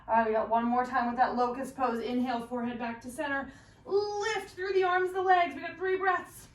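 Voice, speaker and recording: A woman with a high-pitched, steady voice leads a guided yoga class at a brisk pace, calling out poses and breaths with encouraging cues. She practices along and sounds a little out of breath. The recording has a roomy echo, and her voice comes from a distance.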